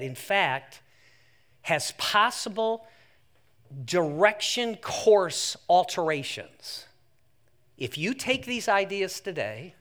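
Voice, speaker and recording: A male pastor delivering a sermon, telling the story with lively acted-out voices and jokes for the congregation. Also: fairly high pitch. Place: church service held in an athletic center.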